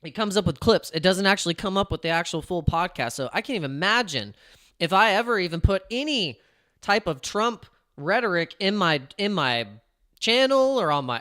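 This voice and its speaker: A man's voice: sits high, bright, forceful tone, clean tone. A man chatting casually on a crypto live stream, rambling and cutting himself off, laughing often.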